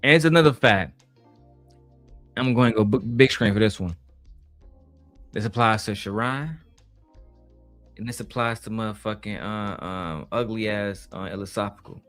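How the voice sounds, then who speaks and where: A man's voice: on the low side, moderate pace, pauses often, a bit bright, faint music behind. A man hosting a casual livestream debate, brash and profane, trash-talking his rivals. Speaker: livestream host. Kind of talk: casual debate stream chat.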